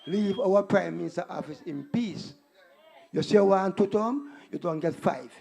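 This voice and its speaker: A man's voice: high voice, moderate pace, vocal fry, a little mellow. A man giving a scornful, taunting campaign rally speech. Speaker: political rally speaker.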